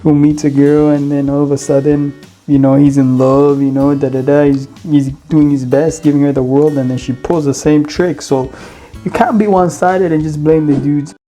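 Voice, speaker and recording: Slangy laughing man host, mellow voice. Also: on the high side, little pitch movement, moderate pace, faint music behind. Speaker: reaction podcast host. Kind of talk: casual reaction commentary.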